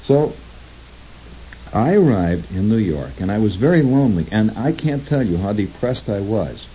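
Male radio talker, deep mellow voice, meandering monologue, dull lo-fi sound with light hiss. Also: sing-song. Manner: digressive, halting, with restarts and acted-out quotes. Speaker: radio broadcaster. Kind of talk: rambling storytelling monologue. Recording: lo-fi recording with faint hiss.

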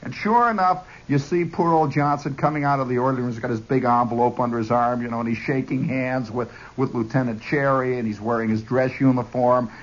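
A man telling a comic army story in an animated monologue, chuckling and jumping into voices, on a dull lo-fi recording. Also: mid-range voice, brisk, hardly any pauses.

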